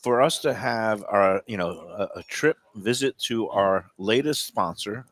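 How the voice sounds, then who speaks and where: A man's voice: lowish voice, a little slow. A man hosting a food radio show, chatting jovially at a restaurant table and talking while he eats. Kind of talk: casual chat at a restaurant table. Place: restaurant dining room.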